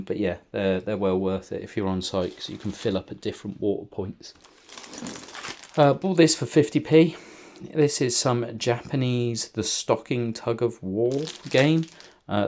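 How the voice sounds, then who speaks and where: A young man in a casual show-and-tell vlog, chatting through his car boot finds with lots of ums and uhs. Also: fairly low pitch. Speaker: car boot haul vlogger.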